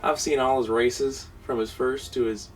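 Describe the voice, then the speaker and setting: An actor playing a self-important small-time oil boss in a mockumentary comedy, folksy and boastful with a drawl. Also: male voice, medium pitch, steady tone, moderate pace, close to an everyday voice. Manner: folksy, boastful, easily flustered. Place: cramped old camper. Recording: distant mic, noisy background.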